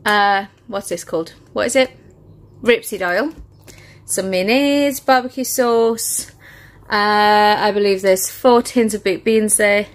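A woman's voice: mid-range voice, takes it slowly. A woman with a British accent chatting casually on her vlog, listing items one by one and a little out of breath. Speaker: family vlogger.

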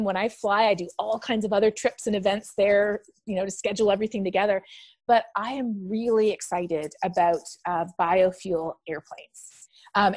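A middle-aged woman from Canada, a podcast guest telling stories in a lively conversational way. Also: mid-range voice, no room sound. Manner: animated storyteller acting out quoted dialogue.

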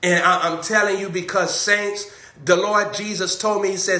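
A man's voice: high-pitched, steady tone, normal speed, hardly any pauses, pushed and bright, echoey room. A man preaching a sermon on a livestream, emphatic and repetitive, hammering his key phrases over and over.

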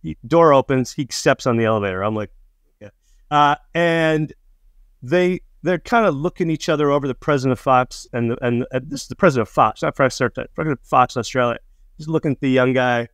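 Telling a funny tale from the road, this male guest storyteller animatedly performs the quoted voices and laughs partway through. He speaks a little fast in a clear, resonant mid-range voice, with clean studio sound and no echo.

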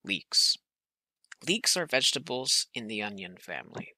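Man, storybook reader, gentle, very bright tone, dry close sound. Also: medium pitch, animated, normal speed, dry recording. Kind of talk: reading a children's book aloud.

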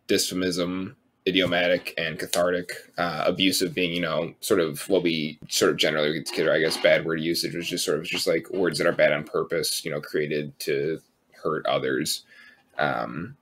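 A man co-hosting a podcast, talking in a relaxed, rambling way, full of fillers and casual swearing. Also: sits low, moderate pace, a little hiss or hum. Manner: relaxed, rambling, lots of um and sort of, swears freely. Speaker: podcast co-host.

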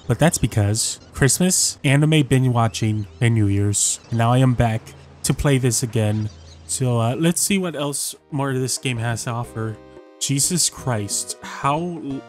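A young gaming YouTuber plays a rhythm game at home, swearing, ranting and repeating himself as he keeps losing. His voice is mid-range with a darkish tone. He uses a desk mic that he sometimes moves away from, and faint game music plays behind him.

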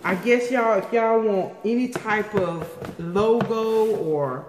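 A woman in a casual home vlog, unboxing fan mail at an unhurried pace. She gasps and repeats herself in delight. Her voice rings in an echoey room with long reverb and a faint hiss behind it. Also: mid-range voice. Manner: excitable, gasping, repeating herself. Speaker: vlogger opening viewer mail.

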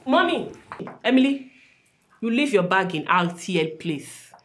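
A blunt Nigerian village tailor. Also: female voice, mid-range voice, sing-song, a little slow, a bit bright. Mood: teasing. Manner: broken English, scolding and teasing. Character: rustic young woman tailor, blunt and comic.

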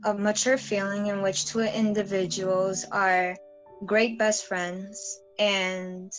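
A young adult woman answering questions as a guest in a casual interview, relaxed and giggly. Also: medium pitch, takes it slowly, faint music behind, poor audio.

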